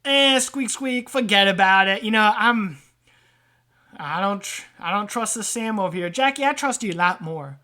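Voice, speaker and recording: A woman voicing a sleazy male rat trader in a tabletop game, crude and swearing, with squeaks between phrases. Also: expressive, moderate pace, sharp tone. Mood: wheedling. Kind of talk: tabletop role-play voice.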